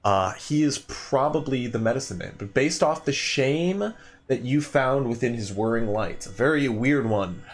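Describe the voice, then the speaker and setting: A man narrating as game master of a tabletop game, with many pauses and fillers. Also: mid-range voice, animated.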